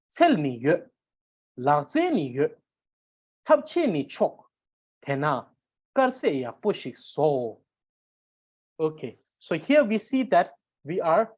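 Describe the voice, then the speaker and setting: A woman's voice: low voice, darkish tone. A woman teaching a grammar lesson, explaining step by step with frequent fillers and repetition. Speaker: language teacher.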